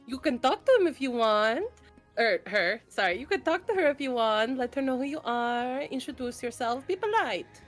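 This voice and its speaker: Woman doing a chatty adventurer, coaxing, high voice, tabletop role-play. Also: expressive, normal speed, faint music behind. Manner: coaxing, chatty, lots of fillers.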